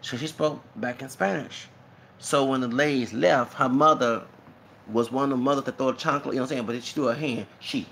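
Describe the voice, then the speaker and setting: A YouTuber from Texas delivers a rambling, animated casual monologue, peppered with asides and laughter. He speaks fairly quickly with vocal fry at medium pitch, and a little hiss or hum can be heard.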